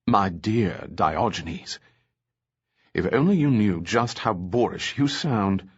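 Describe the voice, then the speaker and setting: A man's voice: lowish voice, big pitch swings, takes it slowly, husky, lo-fi sound, heavily acted. A man voicing a defiant, sarcastic young woman. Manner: biting, sarcastic. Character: sharp-tongued, defiant young woman captive.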